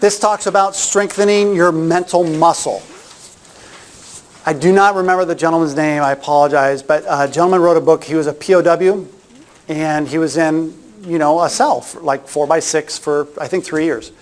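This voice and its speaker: A man's voice: a little high, fairly even intonation, moderate pace. A middle-aged man giving a casual workshop talk, chatty and anecdotal, often restarting his sentences. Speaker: workshop presenter.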